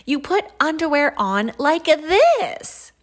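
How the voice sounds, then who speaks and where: A woman's voice: high voice, big pitch swings, slow, voice pushed up, full character voice. A woman voicing a bossy, know-it-all male carrot in a children's storybook, correcting the others.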